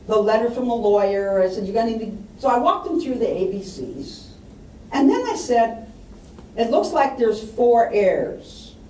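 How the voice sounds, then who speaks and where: Her voice is mellow and medium in pitch as she recounts client stories during a public estate-planning talk, performing the voices of the people involved. The mic sits far off in a spacious hall, catching faint ambience and a bit of background noise.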